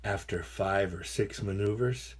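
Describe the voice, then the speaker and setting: A man's voice: fairly low pitch, unhurried, husky. A middle-aged man, a teacher, reading picture books aloud to his class with playful, chatty asides.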